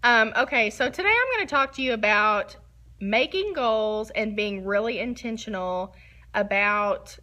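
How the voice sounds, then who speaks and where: Woman bubbly photographer, bright voice. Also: a little high, animated, unhurried, lo-fi sound. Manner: bubbly, giggly and chatty, self-described nervous. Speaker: photographer hosting a live online talk. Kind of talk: casual livestream talk. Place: her photo studio, facing a window.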